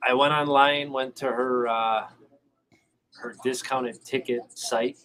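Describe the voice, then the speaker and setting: A man at middle pitch telling a long story as a livestream guest. He rambles and restarts lines, animated as he builds his anecdote. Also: slow pace, low-quality recording. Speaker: guest fan. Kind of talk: casual storytelling.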